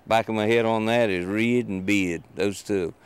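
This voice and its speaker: A man with a chats about local words. His voice is low, smooth and resonant, and his manner is easygoing and amused. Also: steady tone, normal speed. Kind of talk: casual chat.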